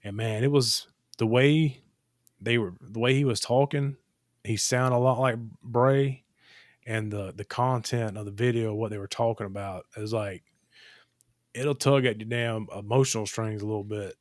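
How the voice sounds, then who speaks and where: A man's voice: mid-range voice, fairly even intonation, normal speed, no echo, clean studio sound. A man in his thirties co-hosting a podcast, telling loose, profane, rambling stories in casual chat. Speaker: podcast co-host.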